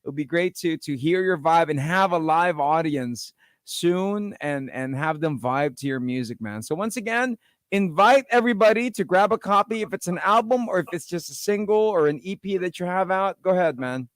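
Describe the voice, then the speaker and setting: Playful radio host, higher-voiced man. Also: normal speed, no echo, studio quality. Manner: playful, jokey, imitates guests' accents. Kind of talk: casual interview chat. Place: radio studio.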